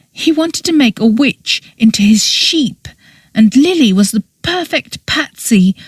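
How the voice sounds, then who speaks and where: Casting: a woman doing a frightened young woman in an audiobook, small high wavering voice, pleading and near tears, slow and dry. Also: a little mellow, no echo. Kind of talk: audiobook character voice.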